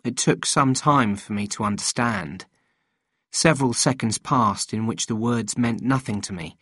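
A man reading a novel aloud in measured, steady scripted narration. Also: mid-range voice, slightly rough, no echo, studio quality. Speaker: audiobook reader.

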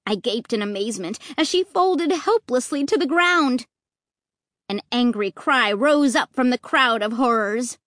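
A woman reading a children's story aloud, expressive and lively, acting out the dialogue. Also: on the high side, measured pace, dry recording, clean studio sound. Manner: lively, voicing dialogue with rising excitement. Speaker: audiobook narrator.

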